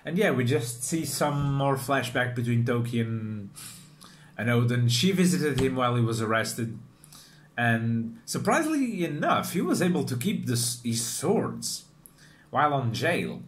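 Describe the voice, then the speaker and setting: A man hosting a casual reaction video, talking in a chatty, animated way and often restarting his sentences. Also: medium pitch, unhurried. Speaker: manga reaction video host. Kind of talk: casual commentary.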